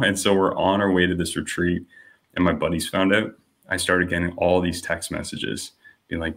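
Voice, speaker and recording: A young man with a low, deep voice that still has a bright, forceful edge tells his story in a relaxed podcast chat. He leans on "you know" and "like" and slips into the voices of the people he quotes as he goes. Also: normal speed. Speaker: podcast guest. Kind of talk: personal testimony in casual conversation.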